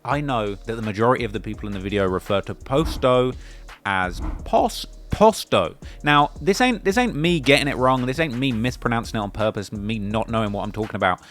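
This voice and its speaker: A young man with an English accent talks through viewer comments on his channel. He is emphatic and animated, and his pitch leaps up and down as he makes his points. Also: brisk, soft background music. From England. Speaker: YouTube commentator. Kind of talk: reading and answering viewer comments.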